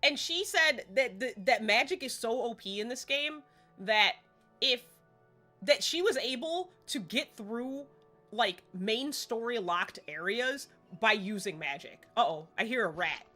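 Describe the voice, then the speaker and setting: A woman's voice: fairly high pitch, lively intonation, measured pace, bright, forceful tone, faint music behind. A woman livestreaming a game at home, chatty and self-deprecating in casual gameplay commentary.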